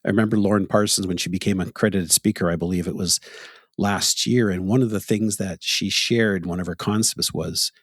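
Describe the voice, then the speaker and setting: A man's voice: low-pitched, steady tone, brisk, no room sound, studio quality. A middle-aged Canadian man hosting a podcast, telling stories in a casual, reflective chat and chuckling often. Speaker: podcast host.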